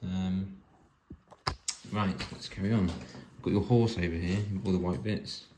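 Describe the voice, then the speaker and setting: The echoey room and faint noise frame a man's home video as he assembles a toy set, offering casual step-by-step commentary and dry wit. His voice sits low, with fairly even intonation and a measured pace.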